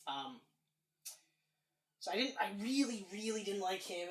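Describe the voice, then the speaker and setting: A woman co-hosting a podcast, reviewing a film in casual chat, animated and emphatic, acting out lines and swearing freely. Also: medium pitch, moderate pace, pauses often. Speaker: podcast co-host. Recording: roomy echo.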